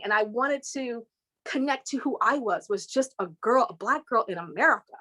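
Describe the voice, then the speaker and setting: A woman, an interview guest from California, telling stories with lively voice imitations and quick pitch jumps. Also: husky. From Inglewood, California. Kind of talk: animated storytelling.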